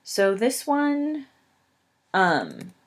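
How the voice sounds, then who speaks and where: A woman's voice: on the high side, huge pitch swings, extremely slow. A young woman teaching an English lesson, patiently explaining words with plain fillers. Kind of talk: slow English lesson, reading aloud.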